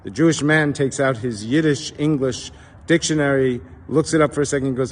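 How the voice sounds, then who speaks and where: Husky rabbi telling jokes, deadpan. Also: male voice, mid-range voice, normal speed, in a large hall. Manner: deadpan, punchline-driven storytelling.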